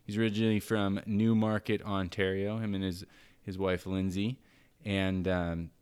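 An American man hosting a podcast, moving from an upbeat scripted intro into relaxed, joking banter with a guest. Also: deep voice, normal speed, clean tone. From United States. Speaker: podcast host. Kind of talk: casual podcast chat.

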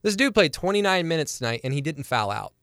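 A man's voice: on the high side, very animated, quick pace, fairly bright tone, dry recording, clean studio sound. A young man co-hosting a sports podcast, chatty and analytical in casual talk, laughing easily.

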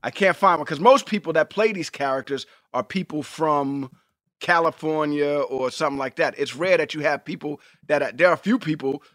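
Animated, bright-voiced man in casual chat. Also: on the high side, brisk, no room sound, studio quality. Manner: animated, emphatic, swears freely. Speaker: podcast co-host.

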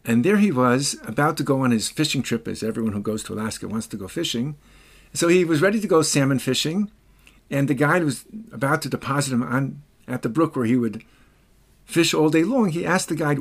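A man's voice: medium pitch, expressive, a little fast. A man hosting a commentary show, telling a story in an emphatic, dramatic way. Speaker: podcast host.

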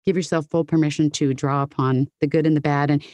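Woman, low pitch, dry close sound, animated interview guest, slips into voices. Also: no echo. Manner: animated, quick to slip into voices and impressions. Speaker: guest voice actor. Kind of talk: casual interview chat.

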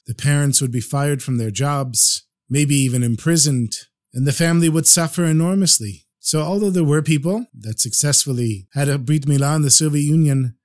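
Man, storytelling podcast host, affectionate, middle pitch. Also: darkish tone. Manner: affectionate, addresses listeners as friends.

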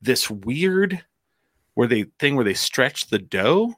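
A man's voice: medium pitch, sing-song, slow pace, a bit bright, dry recording. Man from new mexico, casual storytelling, rambling, fillers, dry close sound. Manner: rambling, lots of fillers and acted-out quotes. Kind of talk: casual chat, telling a story.

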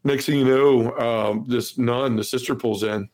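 A man's voice: medium pitch, fairly even intonation, a little slow, darkish tone. A man in his forties, a podcast guest, telling a personal testimony in an earnest way, peppered with "you know", acting out the lines of people in it. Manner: acts out quoted dialogue.

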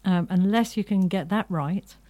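A woman's voice: mid-range voice, normal speed, mellow. A middle-aged woman, a podcast guest, reflecting earnestly on her work in casual conversation.

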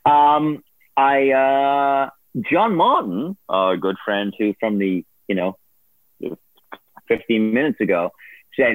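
Over a dry, tinny phone-like line with no room sound, a man in a mid-range voice tells a story slowly as a guest in a relaxed interview. Once a producer and now an on-air host, he laughs a lot and acts out others' voices.

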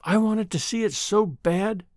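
A woman's voice: mid-range voice, sing-song, normal speed, no room sound, lightly acted. A man voicing a timid old countrywoman who is going blind, with rustic folksy speech, tremulous and close to tears. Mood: wistful. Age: older.

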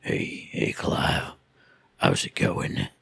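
A man putting on a deep, rumbling voice of a huge older man, slow and friendly. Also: a bit bright, no room sound. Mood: rumbling greeting.

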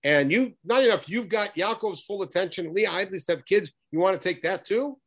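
A man voicing a resentful older sister who throws sharp, reproachful retorts. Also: high-pitched, brisk, voice pushed up.

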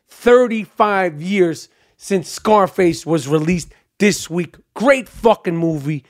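A podcast host talking in a loose monologue, heavy on profanity and emphasis. He rambles and repeats himself, and his voice sits notably high for a man. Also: lively intonation, slow pace, few pauses, no room sound, studio quality.

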